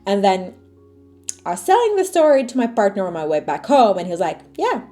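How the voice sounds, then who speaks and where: Woman, vlog storytelling, lively chatty manner, faint background music. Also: mid-range voice, fast talker. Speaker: vlogger. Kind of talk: casual talking-to-camera vlog.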